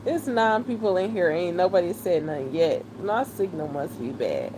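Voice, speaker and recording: A woman's voice: fairly low pitch, big pitch swings, noisy background. A woman, chatting casually and laughing often during a live stream. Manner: laughing, chatty, drawn-out exclamations.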